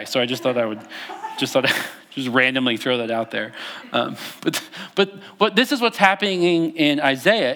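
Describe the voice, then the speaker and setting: A man's voice: mid-range voice, a bit bright. A young man preaching a conversational sermon, with frequent fillers and restarts as he reads scripture aloud. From Texas. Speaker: pastor.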